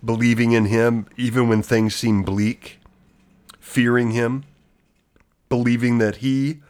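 A man reading scripture aloud at a measured, steady cadence, then adding a brief reflection. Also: mid-range voice, smooth. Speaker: Bible reader.

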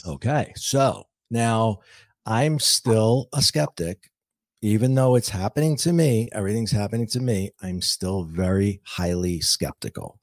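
A middle-aged man speaks in a lowish voice as a podcast guest, earnestly recounting his own story. He acts out what he once said, and his voice sounds dry and close, with no room echo. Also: measured pace. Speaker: guest, intuitive and author. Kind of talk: personal storytelling in a podcast interview.

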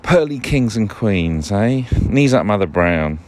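A man's voice: lowish voice, sing-song, a little slow. A man hosting a casual solo podcast, rambling and wry, often breaking off and restarting his sentences. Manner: rambling, self-interrupting, wry. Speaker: podcast host. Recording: noisy background.

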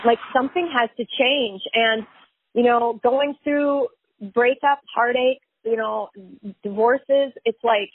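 A woman with a slightly high, husky voice tells her own story in an interview, emphatic and full of fillers and repeated words. She speaks over a thin, phone-like line that sounds dry and close. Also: fairly even intonation, slow, no room sound. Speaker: podcast guest, chiropractor and life coach. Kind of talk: candid conversational storytelling.

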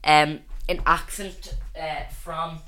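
A woman with a Dublin accent chats casually as a podcast co-host. Her voice sits low, and she talks loosely with plenty of fillers. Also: flat delivery, slow, crowd noise. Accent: Dublin Irish. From Dublin, Ireland. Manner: chatty, with many fillers and playful accent attempts. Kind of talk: casual chat.

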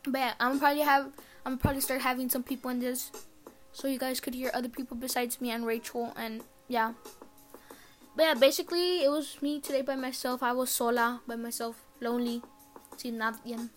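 A woman's voice: high-pitched, fairly even intonation, fairly quick. A teenage girl chatting alone on her podcast from her bedroom, rambling and swearing casually. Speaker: podcast host. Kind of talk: casual solo podcast chat.

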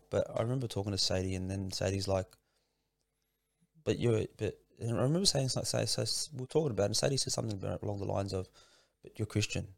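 A man with a low, gravelly voice talks as a podcast guest. He speaks earnestly and informally, stumbles over repeated words as he tells his story, and the sound is close and dry. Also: no echo. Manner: earnest, repeats words and restarts often, says "man" and "bro". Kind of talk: casual heartfelt interview.

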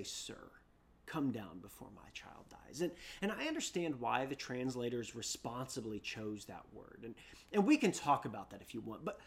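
A preacher telling a story in a sermon, repeating words as they restart sentences and swinging from loud bursts down to hushed whispers. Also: medium pitch. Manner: frequent repeated word restarts.

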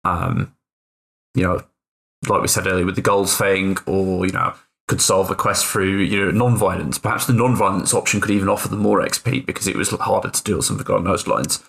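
A man's voice: low-pitched, steady tone, a little fast, creaky, fairly bright tone. A man co-hosting a tabletop gaming podcast as a player, talking casually and hesitantly with frequent restarts and the odd swear.

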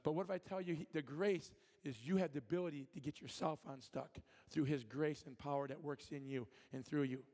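A man's voice: a little high, fairly quick, few pauses, mellow. A man preaching a fervent, rousing sermon as a guest speaker, asking the congregation questions. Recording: long reverb of a hall.

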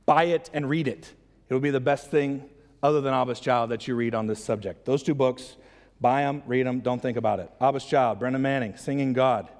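A man preaching a sermon as pastor, casual and animated, breaking into excited high-pitched voices to act out lines. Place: church hall. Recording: long hall reverb.

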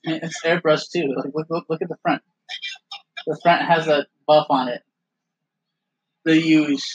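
A man's voice: on the high side, fairly even intonation, unhurried, slightly rough, highs cut off. A young man chatting casually on a podcast while watching old footage, laughing often and swearing freely. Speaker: podcast co-host. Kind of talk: casual watch-along commentary.

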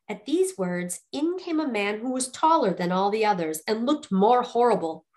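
A woman storyteller reading a ghost fairy tale aloud in an expressive, lively way. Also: a little high, moderate pace, hardly any pauses.

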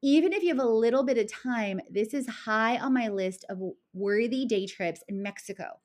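A woman's voice: fairly high pitch, moderate pace. A woman travel vlogger running through a numbered list of trips in an upbeat, enthusiastic way, now and then correcting herself. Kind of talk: travel list vlog narration.

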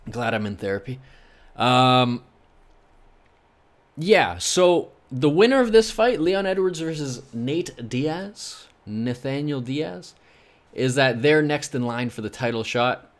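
A man's voice: mid-range voice, animated, takes it slowly. A man hosting his own podcast alone, making fight predictions in a rambling, joking way with lots of fillers. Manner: rambling, joking, heavy on "you know" fillers. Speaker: podcast host.

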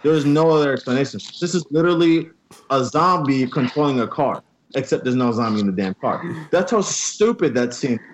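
A man in casual movie review chat, ranting excitedly and filling his talk with "I mean". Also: medium pitch, brisk, slight background noise.

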